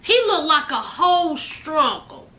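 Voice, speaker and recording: A woman's voice: sits high, sing-song, measured pace, bright, forceful tone. A woman giving a casual recap of a reality show, sassy and speaking straight to her viewers.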